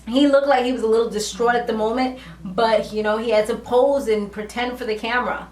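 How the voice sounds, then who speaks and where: A woman's voice: a little high, steady tone, a little fast, a little mellow. A woman vlogger recapping a TV episode in casual, slangy talk, animatedly acting out the characters' lines. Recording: roomy, distant from mic, faint ambience.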